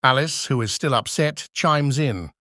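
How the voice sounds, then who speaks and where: A man's voice: mid-range voice, expressive, a little slow, bright, forceful tone. A man narrating a class radio play as a script, reading carefully and steadily.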